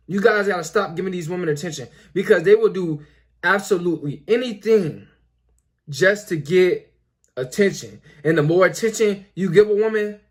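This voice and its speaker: High-voiced young man preaching to viewers. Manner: repetitive, preachy, lots of "you know" fillers. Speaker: commentary video host. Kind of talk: casual monologue to viewers.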